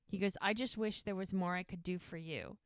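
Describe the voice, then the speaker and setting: A podcast co-host with a lowish voice speaks briskly while casually recapping a TV episode, acting out what the characters say and laughing now and then. The recording is clean studio sound with no echo.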